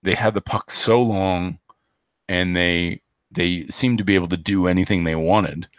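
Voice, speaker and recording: A man co-hosting a casual hockey podcast, rambling with lots of fillers and restarts, and rattling off stats quickly. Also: low voice, no room sound. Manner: reads stats in a quick, flat run. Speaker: podcast co-host.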